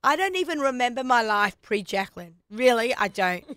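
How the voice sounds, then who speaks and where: Australian woman, radio host, chatty, laughs a lot, bright tone, dry sound. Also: fairly high pitch, big pitch swings, a little fast, no echo. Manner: chatty, laughs often, does little voices when quoting. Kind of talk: casual chat.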